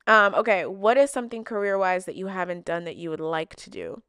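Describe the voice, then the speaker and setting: Chatty young woman, smooth dry voice. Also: medium pitch, expressive, normal speed, hardly any pauses, a bit bright, no echo. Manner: chatty, emotional, lots of likes and fillers. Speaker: vlogger answering viewer questions. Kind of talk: casual heartfelt chat to camera.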